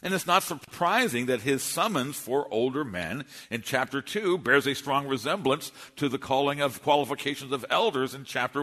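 A man preaching an expository sermon as pastor in a church, emphatic and lively, often restarting his phrases. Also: medium pitch, in a large hall. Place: church sanctuary.

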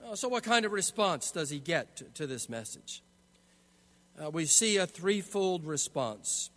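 A man delivers an expository sermon in a high, bright voice, pressing his points with emphasis and often restarting phrases. His voice rings out with long reverb from a large hall. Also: very animated, measured pace. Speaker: preacher.

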